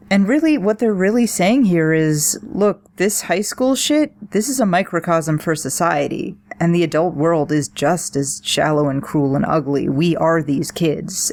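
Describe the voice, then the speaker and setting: A woman co-hosting a podcast, talking through satire in an animated, analytical way. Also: deep voice, a little slow, hardly any pauses. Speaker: podcast co-host. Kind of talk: casual podcast discussion.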